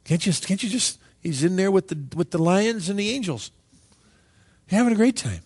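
A middle-aged man preaching a sermon, animated and joking, now and then acting out the voices of Bible figures. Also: sits high, normal speed, slightly rough. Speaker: pastor.

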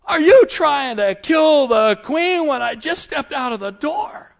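A man's voice: lively intonation, a little slow, gravelly, heavily acted. A man doing a blustering, angry old king. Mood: indignant. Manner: loud, indignant, rising pitch. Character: blustering, easily angered ancient king.

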